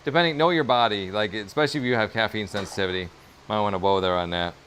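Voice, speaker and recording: A man's voice: lowish voice, fast, noisy background. Upbeat man chatting while crafting. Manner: upbeat, encouraging, rambling with fillers. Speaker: streamer and leather crafter. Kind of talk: casual livestream chat while crafting. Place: workshop at his business.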